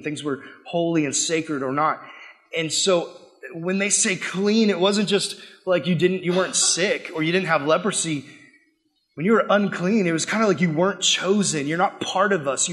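A young man preaching a sermon to a youth group, swinging between loud emphatic bursts and quiet asides. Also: fairly high pitch. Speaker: youth pastor.

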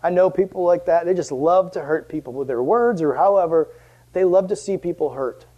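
A man's voice: high-pitched, a little fast, muffled recording. A youth pastor giving a casual evening sermon to young people. He talks conversationally and jokes, then builds to emphatic passion.

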